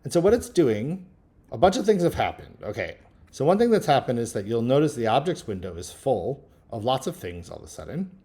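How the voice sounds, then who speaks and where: A man teaching linguistics, talking through a screen-recorded software tutorial in a relaxed, thinking-aloud way with frequent ums. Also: mid-range voice, fairly quick. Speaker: linguistics instructor.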